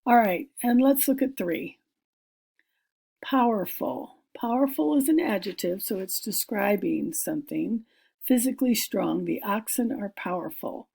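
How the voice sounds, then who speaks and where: A woman teacher talks through a reading lesson slowly and patiently, working each answer out aloud. Her voice is mellow and dark with a gravelly edge and a husky grain. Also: medium pitch, animated. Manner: patient, explains step by step, thinking aloud.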